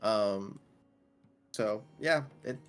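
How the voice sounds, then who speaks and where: A man's voice: lowish voice, extremely slow, a bit bright. A man narrating as game master in a tabletop role-playing game, laid-back and rambling.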